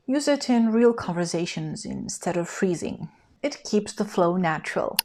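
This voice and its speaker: A woman teaching English in a scripted lesson, speaking in a clear, even instructional way and modeling example phrases for the learner. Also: mid-range voice, unhurried.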